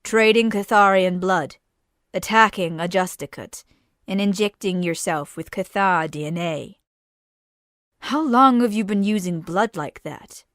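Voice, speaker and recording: A woman's voice: mid-range voice, measured pace, a bit bright, no room sound, studio quality, lightly acted. A woman voicing a stern male enforcer who speaks in clipped, authoritative orders.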